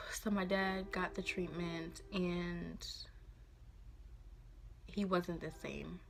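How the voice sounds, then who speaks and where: Young woman vlogger, low flat delivery, halting phone storytime. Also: gravelly, noisy background. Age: 20s. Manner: soft, halting, many fillers. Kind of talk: personal storytime.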